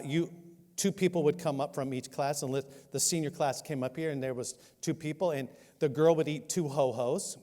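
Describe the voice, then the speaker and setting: Older male pastor preaching in a hall. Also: a little high. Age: 60s. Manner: storytelling, self-mocking humor, animated. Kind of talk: sermon. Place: church sanctuary. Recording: long hall reverb.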